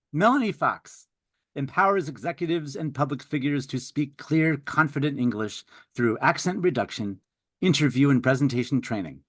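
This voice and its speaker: A man's voice: mid-range voice, a bit bright, no room sound. A man in his fifties hosting a live webinar, introducing the speaker in a theatrical, upbeat and playful way. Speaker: webinar host.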